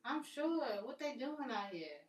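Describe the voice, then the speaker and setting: A woman's voice: high-pitched, sing-song, unhurried. A woman chatting casually on a live stream, rambling and amused by her own jokes. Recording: roomy, distant from the mic.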